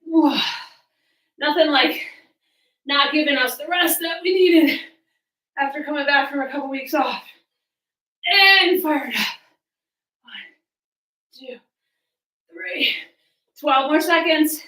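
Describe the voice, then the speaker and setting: A woman's voice: sits high, slow pace, long pauses, pushed and bright, echoey room, far from the mic, poor audio. A woman fitness coach, out of breath, counting reps and cueing moves while she exercises along in a small room at home. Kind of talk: coaching a live home workout.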